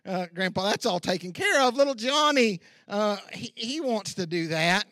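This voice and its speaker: A man's voice: high-pitched, lively intonation, normal speed, sharp tone, dry recording, clean studio sound. A man voicing a sly, scheming little girl who pushes her chores onto her brother. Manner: sweetly sly, bossy.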